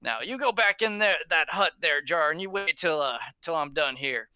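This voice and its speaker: A man's voice: on the high side, expressive, normal speed, pushed and bright, clear, resonant tone, no room sound, voice pushed up. Man doing a tipsy old guard captain. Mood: jovial. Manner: hiccuping, stumbling over words. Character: drunk elderly male guard captain, jovial. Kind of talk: voicing a character in a tabletop game.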